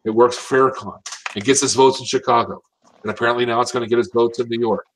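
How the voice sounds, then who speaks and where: An American man talks politics with pressing urgency at a medium pitch. He hammers his points home and keeps circling back with repeated phrases and restarts, sounding like a commentator who is fired up. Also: fairly even intonation, fast talker, a bit bright, slight background noise, poor audio. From United States.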